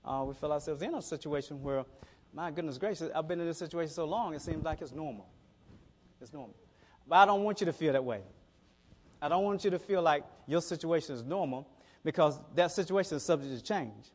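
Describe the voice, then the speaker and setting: A man's voice: on the high side, fairly quick. A middle-aged man preaching a conversational sermon, telling stories in a folksy way and often repeating his words. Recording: reverberant hall.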